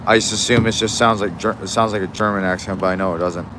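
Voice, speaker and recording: Low-voiced man chatting on an outdoor livestream. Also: steady tone, fast, noisy background. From Alaska. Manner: rambling, easygoing, many restarts. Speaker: fishing livestreamer. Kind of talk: casual livestream chat. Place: outdoors in the rain. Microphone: phone.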